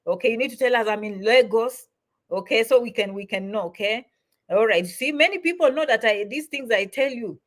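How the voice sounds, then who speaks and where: Middle-aged woman, livestream host, slightly high voice, repetitive and encouraging. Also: a little fast. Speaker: host answering viewer comments. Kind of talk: livestream Q&A chat.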